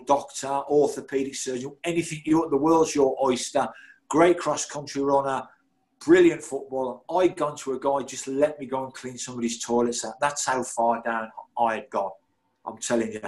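A former footballer from Birmingham, England, candidly tells his story in a medium-pitched, fairly even voice at a moderate pace, on a low-quality recording. He's blunt and self-mocking, laughing at himself and swearing freely.

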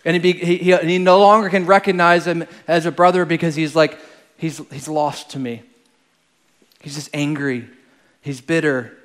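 A man preaching a sermon in an earnest, halting way, with frequent restarts and phrases that trail off quietly. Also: a little high, smooth. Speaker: pastor.

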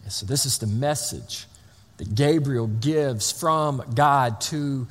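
A man's voice: mid-range voice, slow pace. A man preaching a sermon in a loose, conversational way, full of restarts and playful asides. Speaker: pastor. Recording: long reverb of a large hall.

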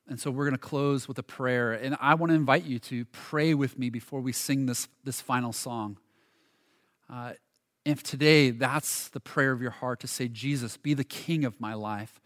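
A man with a mid-range voice delivers a sermon as a pastor, sincere yet halting. He keeps restarting his words, alternating quieter passages with louder ones.

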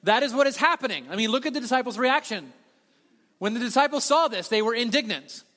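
Pastor guy giving a sermon, fairly high voice, big echoey church hall. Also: quick pace. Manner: animated storytelling, acts out quoted voices. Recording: long hall reverb.

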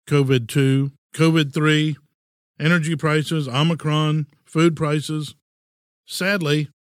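A man in his sixties hosting a podcast, giving an earnest, measured, folksy reflective monologue. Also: mid-range voice, dry recording, clean studio sound. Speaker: podcast host.

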